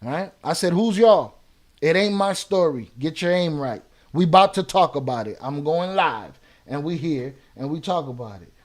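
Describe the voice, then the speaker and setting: A man's voice: a little high, lively intonation, normal speed. A man hosting a live reaction stream, reading chat comments aloud and firing back in profane street slang with a Chicago accent. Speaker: reaction channel host.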